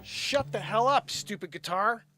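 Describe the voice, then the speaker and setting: A man's voice: high-pitched, expressive, unhurried, noisy background. A man who makes his own comedy videos, muttering to himself in frustration. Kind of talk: casual talk to camera.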